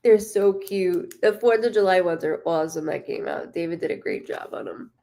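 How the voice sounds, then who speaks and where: A woman's voice: fairly low pitch, moderate pace, warm tone. A woman hosting a live stream as a psychic medium, chatting casually, greeting viewers by name and swearing freely.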